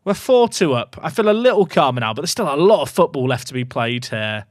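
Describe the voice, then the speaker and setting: A man streaming a football management game, talking to his chat and swinging from low muttering to excited shouts. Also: a little fast, no room sound, studio quality. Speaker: gaming streamer. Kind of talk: live game commentary to chat.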